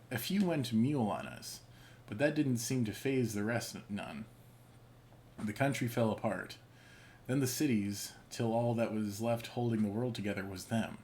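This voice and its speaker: A man voicing a gruff, folksy old rural elder with a Southern accent, read aloud from in-game messages. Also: mid-range voice, darkish tone, a little hiss or hum, lightly acted. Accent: American Southern.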